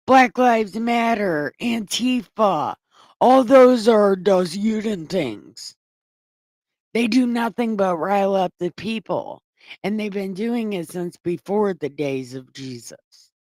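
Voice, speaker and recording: A woman reads scripture in a casual way and keeps breaking in with sarcastic, profane remarks. She talks slowly, in a mid-pitched voice. The recording is dry and close, with no room echo. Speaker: online Bible reader and commentator. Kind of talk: casual scripture reading with commentary.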